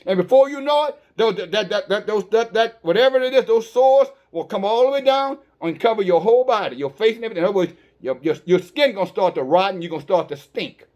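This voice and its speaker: A man's voice: high-pitched, expressive, quick pace, few pauses, a little mellow, muffled recording. A man preaching an online sermon, talking straight to his listeners with rhetorical questions and many stammered restarts. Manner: emphatic, with frequent stammered restarts.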